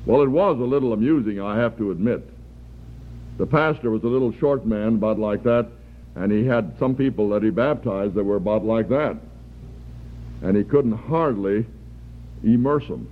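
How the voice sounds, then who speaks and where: A man preaching a sermon, earnest and deliberate, lifting his voice for emphasis. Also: fairly low pitch, a little hiss or hum. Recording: tinny phone-like archival recording.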